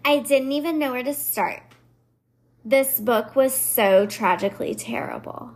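A snippy young Valley Girl critic, as a woman puts her on, sniffing at everything in a dismissive drawl. The voice sits a touch high and takes its time, each word dragged out. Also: unhurried. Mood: scornful.

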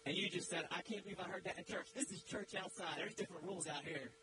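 High-voiced man preaching over loud hum. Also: quick pace. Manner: dramatic storyteller, builds to loud emphatic peaks. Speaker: guest preacher. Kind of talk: sermon with storytelling. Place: church.

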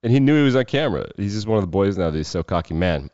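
A man's voice: low-pitched, sing-song, very fast, darkish tone, no room sound, muffled recording. A man hosting a casual sports show, running through football picks in a loose, irreverent way with some swearing. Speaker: sports betting show host.

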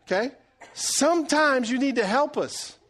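A middle-aged man preaching a sermon, animated and joking, swinging between loud and hushed delivery. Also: very high voice, a little slow, husky. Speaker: pastor.

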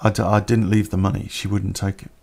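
A man telling a personal story on a podcast in a plain-spoken, unhurried way with pauses. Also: on the low side, level tone, vocal fry, darkish tone.

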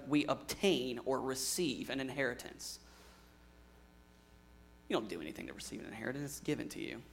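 A young adult man preaching a sermon in an earnest way, moving from emphatic lines to quiet, hushed ones. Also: a little high. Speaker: pastor.

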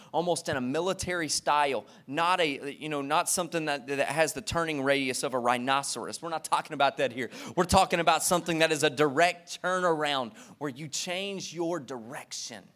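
Male pastor, high-pitched, impassioned sermon delivery with repeated refrains, addresses the congregation directly. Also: fairly bright tone. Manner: impassioned preaching with emphatic repetition.

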